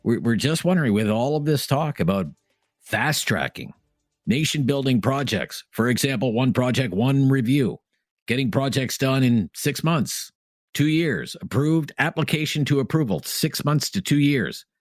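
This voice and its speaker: Radio call-in host, dry studio sound. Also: male voice, mid-range voice, animated, no room sound, faint music behind. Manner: brisk, prompting callers with short acknowledgments. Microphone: studio microphone.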